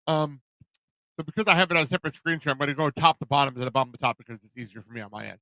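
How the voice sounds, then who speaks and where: Bright-voiced man hosting a chatty podcast. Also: medium pitch, racing, no room sound, rough recording. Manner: rambling, reads match cards with frequent fillers. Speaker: podcast host and producer. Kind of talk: casual chat.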